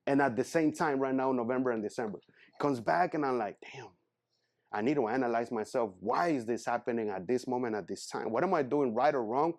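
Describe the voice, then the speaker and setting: A man's voice: medium pitch, brisk, a little mellow. A man in his thirties giving a casual motivational talk as a guest speaker, earnest and rambling, often calling people "man".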